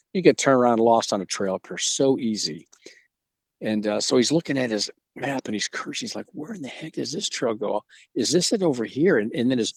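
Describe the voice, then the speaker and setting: A middle-aged museum owner from Georgia, USA, tells a story as a guest in a casual interview over a video call, acting out its voices and restarting often. His voice is on the low side, with no room sound.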